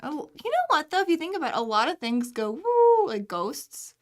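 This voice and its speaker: A woman's voice: high voice, sing-song, brisk. Chatty young woman co-hosting a live stream. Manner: chatty, rambling, self-deprecating jokes. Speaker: co-host. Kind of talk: casual live-stream chat. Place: small studio room.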